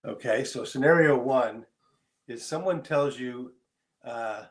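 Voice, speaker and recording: Podcast co-host, man, medium voice, easygoing, quick to laugh. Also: mid-range voice. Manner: reads out quiz scenarios, laughs easily. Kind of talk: casual podcast chat.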